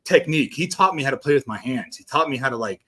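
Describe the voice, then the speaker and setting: A man's voice: mid-range voice, lively intonation, bright, forceful tone. A man in his thirties, a guest on a sports talk show, talking emphatically and cursing freely. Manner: emphatic, profane, rapid-fire. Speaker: guest, former NFL defensive lineman. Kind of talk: casual sports chat.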